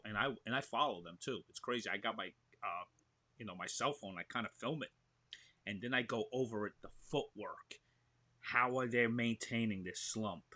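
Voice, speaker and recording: A man with a New York accent, a guest actor telling stories in a casual podcast interview and acting out what he describes. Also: mid-range voice. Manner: animated storyteller, acts out what he describes.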